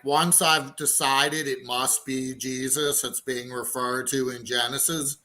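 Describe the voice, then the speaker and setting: A man with a bright, forceful voice reasons through a skeptical position in a casual debate. He works through his points aloud and keeps checking whether the other man follows him. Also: mid-range voice. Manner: reasoning, questioning, often asks for agreement. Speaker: skeptical panel participant.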